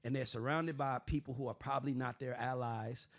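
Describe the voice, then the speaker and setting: A man's voice: medium pitch, brisk. A man hosting a casual panel chat, profane and streetwise, acting out other people's voices as he explains. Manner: animated, acts out voices of others while explaining. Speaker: podcast host.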